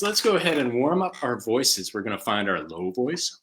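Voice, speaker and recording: A man leading a live online music class for young children at home, chanting and singing in a slow call-and-response style. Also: mid-range voice, big pitch swings, fairly bright tone. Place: home room.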